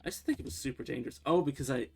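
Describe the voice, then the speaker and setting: A man's voice: medium pitch, very fast, gravelly, darkish tone, husky. A man casually commenting on his own game as he streams, rambling and often correcting himself. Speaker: livestreamer playing a game.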